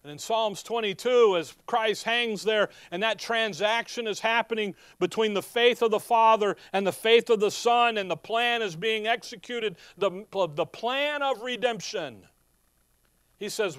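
A man preaching a passionate sermon. He swings from quiet asides to loud, urgent cries and often stops mid-phrase to look up chapter and verse. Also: high voice, measured pace, smooth, dry recording.

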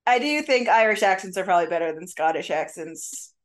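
A woman's voice: fairly low pitch, fairly quick. Teasing woman podcast co-host with a cough. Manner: teasing, playful, deadpan asides. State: lingering cough. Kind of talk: casual podcast chat.

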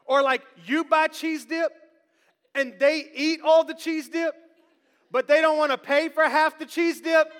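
A male pastor preaching a lively, humorous sermon and calling out to the congregation. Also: very high voice, unhurried. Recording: long reverb of a large hall.

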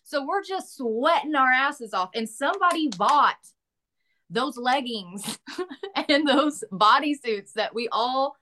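A woman's voice: sits high, lively intonation, takes it slowly, sharp tone. A woman with a Southern US accent, an actress chatting casually in an interview, laughing often and swearing lightly. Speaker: actress guest.

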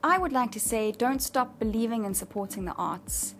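A woman with a South African accent, a guest actress chatting enthusiastically in an interview, often pausing with um. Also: a little high, faint music behind. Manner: warm, enthusiastic, frequent ums. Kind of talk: casual interview chat.

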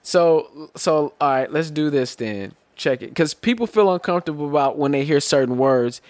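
Animated man in casual podcast banter. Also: on the high side, normal speed, dry recording. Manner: animated, swears freely, builds hypotheticals. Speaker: podcast co-host. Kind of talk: casual chat.

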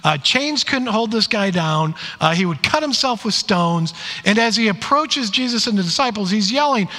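A man preaching a sermon, telling stories in an animated way and acting out the quoted lines. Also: very high voice, moderate pace. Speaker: pastor. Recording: long hall reverb.

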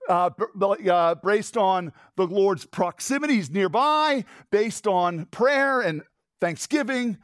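This middle-aged pastor preaches a sermon in a conversational, animated way, swinging between loud emphasis and hushed tones while asking the congregation questions. His voice is high, slow and clean-toned, captured as clean studio sound with no room sound.

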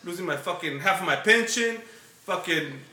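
A man's voice: sits high, lively intonation, normal speed, bright, forceful tone, roomy sound, recorded from a distance. Profane laid-back male storyteller. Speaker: podcast host. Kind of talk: casual storytelling chat.

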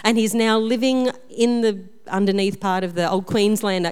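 A woman pastor preaching a sermon, telling personal stories in a lively, self-deprecating way. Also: medium pitch, moderate pace, clear, resonant tone, a faint crowd. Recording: long reverb of a large hall.

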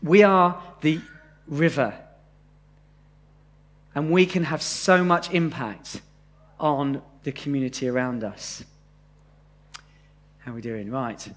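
A man's voice: fairly high pitch, slow pace, long pauses. A man preaching a sermon to a live congregation in a conversational way, often asking them questions.

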